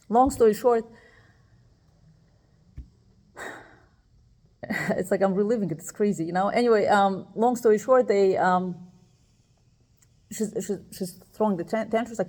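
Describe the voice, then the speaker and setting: A woman's voice: mid-range voice, normal speed, gravelly. A woman telling a personal story to other women, retelling it with emotion and quoting the people involved. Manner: emotional, animated retelling with quoted dialogue. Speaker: speaker addressing women.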